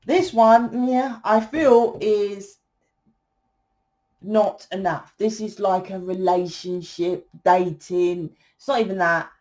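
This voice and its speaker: A woman's voice: mid-range voice, fairly even intonation, slow pace, a little mellow. Blunt, swearing tarot-reading woman. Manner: blunt, swears freely, fiery. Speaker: tarot reader. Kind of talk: ranting tarot reading monologue.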